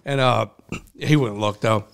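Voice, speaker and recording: A middle-aged man with a Philadelphia accent, co-hosting a podcast and telling a long story in casual, swearing chat, acting out shouted quotes. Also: fairly low pitch, unhurried, vocal fry, slight background noise. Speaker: podcast co-host.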